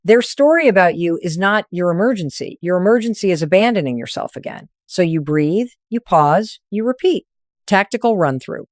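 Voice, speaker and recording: A woman's voice: on the low side, dry recording, studio quality. A woman narrating a scripted motivational talk, coaching firmly in short, punchy phrases.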